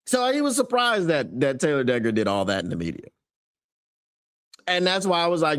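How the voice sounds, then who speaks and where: An emphatic man hosts a fan sports show, commenting in an animated, casual way. His voice sits a little high and moves a lot, and he laughs often between his points. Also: moderate pace.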